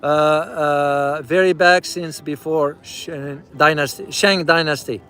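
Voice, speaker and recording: A man with a fairly high, smooth voice and a sharp tone speaks slowly and steadily. Riding through a city, he shares casual travel commentary, addressing his viewers as "guys" and repeating key phrases for emphasis.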